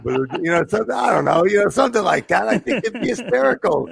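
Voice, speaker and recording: A man chatting as a guest in a relaxed, hesitant way, using lots of fillers. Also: high voice, fast talker, gravelly. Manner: hesitant, filler-heavy, laid-back. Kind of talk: casual chat.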